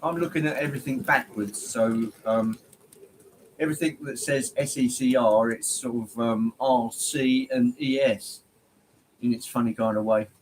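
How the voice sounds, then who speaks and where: A man's voice: mid-range voice, steady tone, measured pace, a little hiss or hum, low-quality recording. A man hosting a casual livestream, greeting viewers by name and rambling along with plenty of ums. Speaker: livestream host. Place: home hobby room, indoors.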